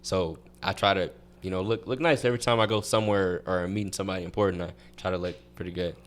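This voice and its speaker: A young man with a notably low voice talks as a guest on a casual podcast. He tells stories loosely, restarting sentences and circling back as he goes. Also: fast. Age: young adult. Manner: relaxed, rambling storytelling with many restarts. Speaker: guest athlete. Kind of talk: casual interview chat.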